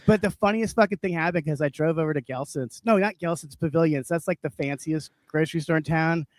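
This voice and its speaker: A man with a high voice holds forth on a casual livestream, ranting and swearing with lots of laughter. The sound is close and dry, with no room around it. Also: brisk, no room sound. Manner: profane, ranting, laughs often. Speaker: livestream co-host. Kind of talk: casual comedic chat.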